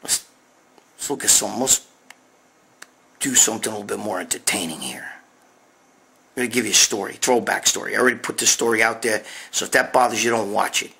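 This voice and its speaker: Brash, foul-mouthed, husky-voiced male host. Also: fairly low pitch, a little fast, long pauses, sharp tone. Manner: brash, profane, blunt. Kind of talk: profane monologue rant and storytelling.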